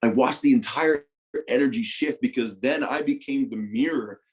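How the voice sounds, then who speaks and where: As a podcast guest, a young former football player tells his story at a moderate pace in a middle-pitched voice. He's lively and profane, alternating loud bursts with hushed asides.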